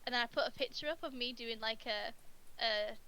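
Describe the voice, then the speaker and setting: A woman's voice: fairly high pitch, brisk, bright, forceful tone, rough recording. A young-sounding woman, chatting casually and giggling between rambling stories on a game-night call. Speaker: primary school teacher, tabletop player.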